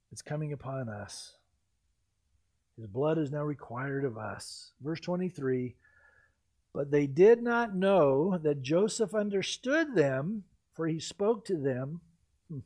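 A man preaching a sermon in an expressive way, rising to loud emphasis and dropping to hushed, quiet lines. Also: high-pitched. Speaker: pastor.

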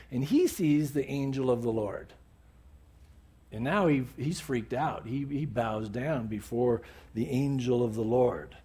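A male preacher retelling a Bible story in a sermon, with animated storytelling and bursts of emphasis. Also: a little high, breathy edge.

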